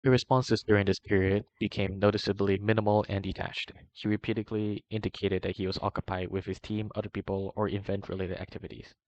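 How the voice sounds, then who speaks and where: A man reading a long document aloud in a steady way, now and then stumbling and correcting himself, in a dull, slightly muffled recording. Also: on the low side, fairly quick, hardly any pauses, dry recording. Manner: steady reading with small slips and self-corrections. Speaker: reader of a document. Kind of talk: long read-aloud narration.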